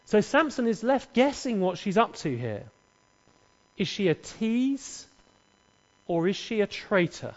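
Animated preacher in a hall. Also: male voice, high voice, slow pace. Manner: dramatic storyteller, humorous asides. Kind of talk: sermon with acted dialogue. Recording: echoey, dull hall recording.

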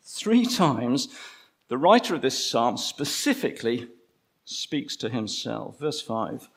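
Lively, gravelly-voiced preacher. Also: male voice, mid-range voice. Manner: conversational, slows down to stress key phrases. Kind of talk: sermon.

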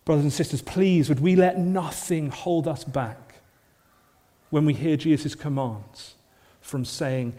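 Preaching with earnest conviction at a measured pace, a man whose voice sits a little above the typical male range frequently lowers to soft, intense phrases to stress his points. His words echo with the long reverb of a big church hall.

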